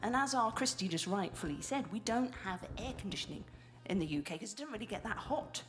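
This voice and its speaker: A woman's voice: medium pitch, animated, a little fast, faint music behind. A woman from the UK with a British accent, chatting and rambling on stage between songs at a live show. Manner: chatty, self-deprecating, rambling. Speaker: stage co-host. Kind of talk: casual on-stage banter. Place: live music venue.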